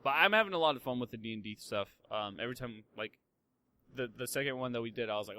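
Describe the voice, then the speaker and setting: A man's voice: mid-range voice, fast talker, bright, forceful tone. A young man hosting a podcast in casual chat, rambling with lots of fillers and restarts and swearing freely. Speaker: podcast host.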